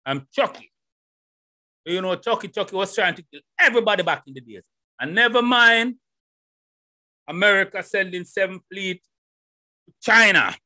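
A middle-aged man with a Jamaican accent, hosting a solo podcast and talking straight to his listeners with loud, animated rhetorical questions. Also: sits high, normal speed, long pauses, no echo, studio quality. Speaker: podcast host. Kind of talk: casual solo podcast monologue. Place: home room in Holland. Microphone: headphones and desk mic.

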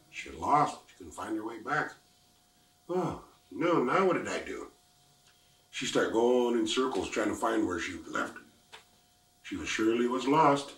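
Gravelly elderly man telling a story. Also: medium pitch. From Lummi Nation, Washington, US. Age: older. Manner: simple repetitive phrasing, unhurried telling. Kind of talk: traditional oral storytelling. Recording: echoey room, distant mic.

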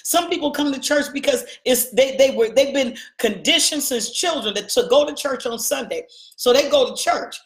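High-pitched woman preaching in an echoey room. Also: expressive, fairly quick. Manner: preachy call-and-response, repeating phrases, emphatic. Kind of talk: sermon.

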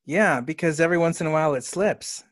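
A man with an American accent, a writer-director chatting with his actress in a relaxed interview. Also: fairly high pitch, fast talker. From Los Angeles. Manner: relaxed and easygoing, asks short prompting questions. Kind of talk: casual interview chat.

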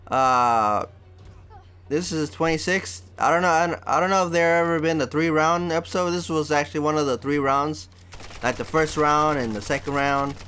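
Male gameplay host, a touch high-pitched, loose and rambling, casual commentary. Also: fairly bright tone, a little hiss or hum. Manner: rambling, full of fillers like "basically" and "like".

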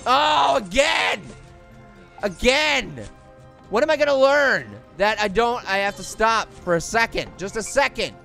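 A man voicing a cocky, hyper talking pear who brags about his gaming skills while playing a video game, slangy and prone to high squealing screams. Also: vocal fry, fairly bright tone, exaggerated voice. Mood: excited. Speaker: game commentator. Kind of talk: let's-play cartoon commentary.

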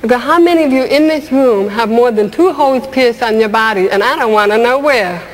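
A woman comedian and speaker telling stage stories in an animated way, asking the audience questions and laughing along. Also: a little high, a little fast, noisy background. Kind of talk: stand-up storytelling. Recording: large hall with long reverb, faint ambience.

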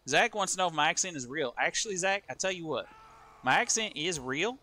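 A man's voice: a little high, lively intonation, fairly quick, sharp tone. A man playing a police officer in an online role-play game, folksy and drawling, talking to stream chat. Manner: folksy, drawling, mild exclamations.

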